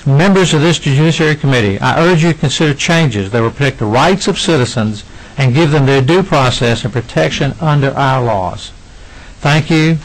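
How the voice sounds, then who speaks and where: A middle-aged man reading prepared testimony to a legislative committee, earnest and emotional, with halting restarts. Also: medium pitch, rough recording. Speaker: citizen witness at a legislative hearing.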